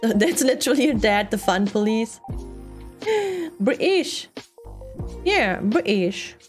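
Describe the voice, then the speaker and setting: A young woman with a non-native English accent chats to her stream as she works on a model kit, rambling and laughing easily. Her voice sits a little high, and soft music plays faintly behind her. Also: sing-song, slow pace. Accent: non-native English speaker. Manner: chatty, rambling, laughs often. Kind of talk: casual chat while model building.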